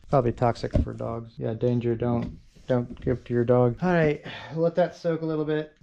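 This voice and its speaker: A male mechanic talks through a repair in an easygoing, joking way, tossing off silly rhymes as he works. His voice sits at an ordinary middle pitch. Tool clicks and workshop noise come through clearly behind him. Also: steady tone, normal speed, dark tone. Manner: playful, rhyming wordplay and banter with his dog. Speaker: mechanic working on a car. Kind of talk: casual workshop vlog. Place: auto repair shop.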